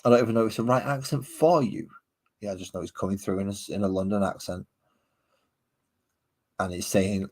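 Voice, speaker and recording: A man with a low, husky voice paints miniatures on a live stream from his home hobby desk. He rambles casually and talks straight to his chat viewers as he works. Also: steady tone, a little fast, long pauses, darkish tone.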